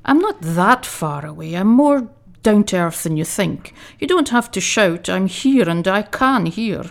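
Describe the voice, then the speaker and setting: A woman's voice: medium pitch, lively intonation, a little slow, vocal fry. A woman voicing God in a radio comedy sketch, fatherly and down-to-earth, with a dry, teasing, patient manner.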